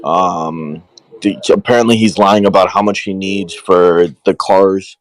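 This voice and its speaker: A man's voice: sits low, steady tone, unhurried, no echo, rough recording. A man in a casual podcast chat, talking emphatically and saying dude a lot.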